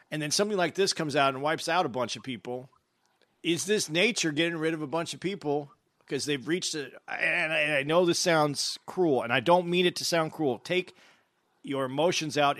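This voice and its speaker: A man's voice: a little high, fairly bright tone, no echo. A man who is a comedian, chatting casually and hedging his points, saying again and again that he is only asking. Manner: hedging, keeps repeating that he is just asking. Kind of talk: casual podcast chat.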